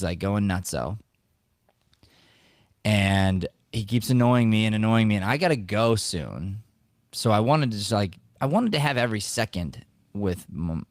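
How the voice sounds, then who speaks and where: Lively low-voiced man hosting a podcast. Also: dry recording, studio quality. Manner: animated storyteller acting out quoted lines. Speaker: podcast host. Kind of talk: casual talk on acting and life.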